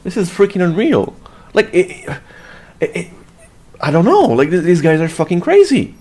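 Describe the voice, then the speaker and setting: A man's voice: high-pitched, big pitch swings, moderate pace, a little mellow. A man giving reaction commentary, agitated, swearing and stumbling over repeated words. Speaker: video reactor.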